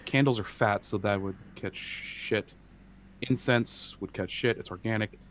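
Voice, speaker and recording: A man's voice: on the low side, measured pace, a bit bright, highs cut off, slight background noise. A man playing a tabletop game, talking in a dry, matter-of-fact way. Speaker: player.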